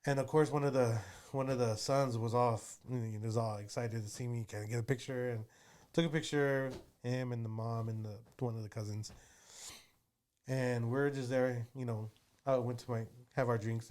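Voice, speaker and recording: A man's voice: mid-range voice, steady tone, moderate pace, darkish tone. A man, telling stories as an interview guest, rambling with many fillers. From Texas. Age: 30s. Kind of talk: casual storytelling.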